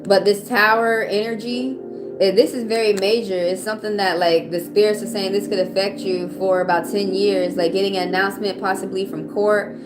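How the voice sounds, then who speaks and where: A woman's voice: mid-range voice, fairly even intonation, moderate pace. Southern woman, chatty tarot reader on a livestream, loose and casual, music playing behind.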